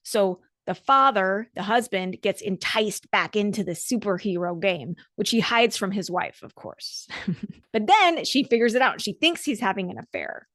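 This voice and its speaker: A woman's voice: mid-range voice, expressive, moderate pace, fairly bright tone, dry recording, clean studio sound. A woman dance coach hosting a solo podcast, talking in an earnest, motivational way with emphatic repetition.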